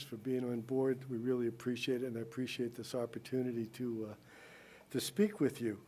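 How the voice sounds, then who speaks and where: A man with a slight lisp speaks at a town council podium in a soft, mellow tone. His delivery is earnest and explanatory, and he often restarts his phrases. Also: medium pitch. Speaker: resident giving public comment. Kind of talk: public comment at a town council meeting. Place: town council meeting room.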